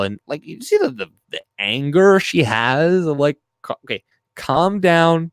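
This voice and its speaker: A man's voice: on the high side, big pitch swings, measured pace, creaky, clear, resonant tone, dry recording. A man hosting a livestream, reading chat aloud and ranting in a crude, rambling, profane way.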